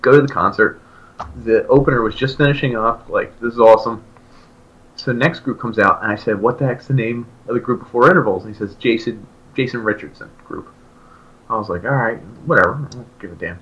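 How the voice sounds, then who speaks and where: A man in his thirties, a podcast co-host, telling a long story in casual chat and acting out his own excited remarks. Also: mid-range voice, fairly quick, dull audio. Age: 30s. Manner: animated, jumps into loud excited quoted voices.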